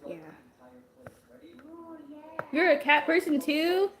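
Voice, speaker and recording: A woman with a voice a touch higher than most chats casually on a livestream, replying to viewer comments one after another. Her voice is going a little hoarse from talking for a long time, and it comes through a simple built-in mic. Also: takes it slowly, a bit bright. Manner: chatty, answers viewer comments as they come in. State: losing her voice. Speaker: livestream host.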